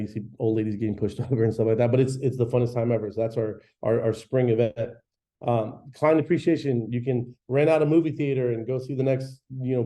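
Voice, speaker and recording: A man coaching a room of agents in a loose, slangy, energetic way, jumping into quick acted-out snippets of calls. His voice is very dark and mellow, sitting at an ordinary middle pitch. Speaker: real estate agent giving a training talk. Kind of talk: coaching talk to an audience.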